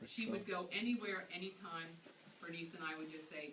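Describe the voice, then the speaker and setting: In a funeral service hall, a woman delivers a conversational eulogy full of stories, her lowish voice fairly bright and at normal speed. The audio is echoey, distant from the mic and noisy.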